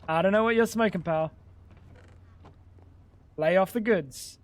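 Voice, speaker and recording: A man's voice: high-pitched, a little slow, no echo. A young man live-streaming a game, chatting casually and bantering with chat while swearing freely.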